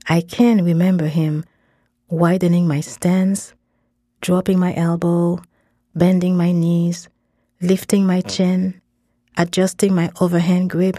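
A woman reading a first-person story aloud in a measured way, dropping in short phrases in another language. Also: lowish voice, mellow, no echo, studio quality. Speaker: narrator. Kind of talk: scripted story narration.

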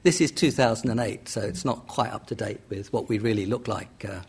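Gravelly older man lecturing with hesitant fillers. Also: fairly low pitch, a little fast, darkish tone, a little hiss or hum. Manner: rambling, hesitant, with many fillers and self-corrections. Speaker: economics lecturer. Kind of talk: academic lecture with slides.

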